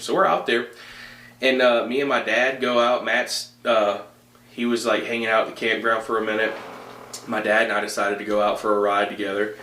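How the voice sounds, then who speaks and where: A young man hosting a podcast, telling a story in a casual, animated way with frequent fillers and laughter. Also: fairly low pitch, moderate pace, echoey room. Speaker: podcast host.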